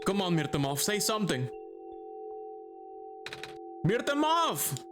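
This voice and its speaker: A man's voice: mid-range voice, moderate pace. A man streaming a video game live, chatty and exclamatory, swearing when surprised. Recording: clear background music.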